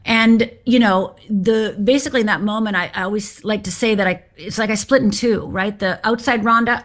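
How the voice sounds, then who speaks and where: A woman's voice: mid-range voice, moderate pace, hardly any pauses. Candid middle-aged woman telling her story. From Upper Michigan. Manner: candid, direct, wry. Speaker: guest. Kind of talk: interview storytelling.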